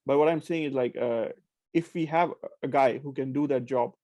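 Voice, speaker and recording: A man's voice: mid-range voice, normal speed, mellow, dry recording. A man hosting a casual football podcast, hedging his points with plenty of "I think" and fillers. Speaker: podcast host.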